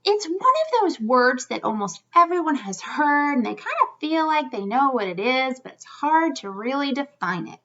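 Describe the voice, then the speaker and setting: A woman teaching a children's lesson, speaking clearly and slowly as she demonstrates for young learners. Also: high voice, sing-song, bright, forceful tone. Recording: slightly dull lo-fi sound.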